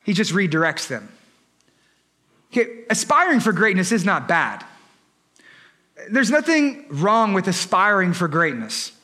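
A male pastor preaching with humor, telling the story in a lively way and breaking off for asides to the congregation. His voice is high and bright, with a sharp, clear edge. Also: unhurried, pauses often. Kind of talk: sermon.

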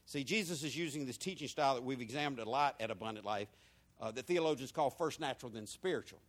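A male pastor preaching a sermon, throwing rhetorical questions at the congregation and swinging between hushed and loud. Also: fairly high pitch.

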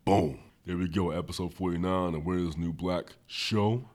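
A man's voice: fairly even intonation, moderate pace, a little mellow. A young man hosting a podcast, telling laid-back stories in casual slang. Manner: laid-back slang-heavy storytelling, gets high-pitched when laughing. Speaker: podcast host. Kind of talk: casual chat.

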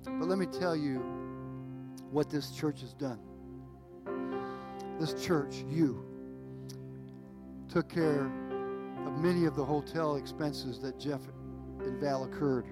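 A man preaching a sermon, emphatic and repetitive, with dramatic pauses. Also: a little high, loud music behind the voice. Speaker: pastor.

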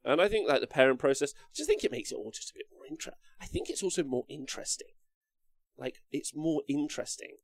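A man's voice: fairly high pitch, animated, fast talker, dry recording, clean studio sound. A young man hosting a casual livestream, rambling, reading chat comments aloud and swearing freely. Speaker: livestream host.

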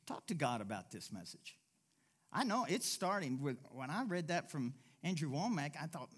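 Animated, high-voiced male pastor preaching. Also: measured pace, breathy edge, faint music behind. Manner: animated, swings between low asides and loud exclamations; mimics whiny voices when quoting people. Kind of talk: sermon.

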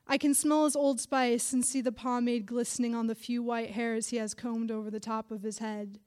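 A young woman reads her own literary fiction aloud, in a fairly high voice. Her narration is dry and wry, with an even, measured delivery. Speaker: writer reading her story. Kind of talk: literary reading.

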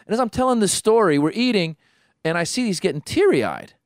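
A man tells a story to his friends in a smooth, slightly high voice, close and dry on the mic. He talks in an animated way, restarts his sentences often and acts out the voices of the people in the story. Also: a little fast, no room sound. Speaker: podcast co-host telling a story. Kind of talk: casual chat.

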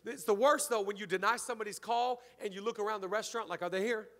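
High bright-voiced preaching man. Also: fast talker. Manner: energetic, joking, calls out to the congregation. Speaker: pastor. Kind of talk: sermon.

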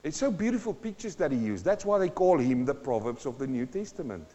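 A man's voice: on the high side, big pitch swings, a little fast, mellow. A pastor preaching a sermon, emphatic and repetitive, asking his congregation rhetorical questions. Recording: dull sound with long hall reverb.

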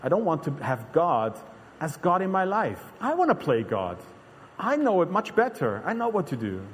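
A man's voice: high-pitched, huge pitch swings, normal speed, slight background noise. A man preaching a sermon in an earnest, conversational way, often restarting his sentences. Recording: long hall reverb.

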